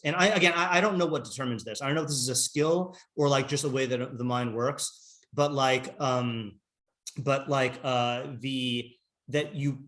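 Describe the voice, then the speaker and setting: A middle-aged man, a rabbi, teaching a casual class, chatty and quick to laugh, often breaking off mid-sentence. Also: fairly high pitch.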